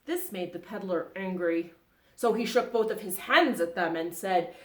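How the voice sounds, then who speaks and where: Animated woman reading a children's story. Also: on the low side, normal speed, roomy sound. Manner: animated, asks children questions. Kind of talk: children's story read-aloud.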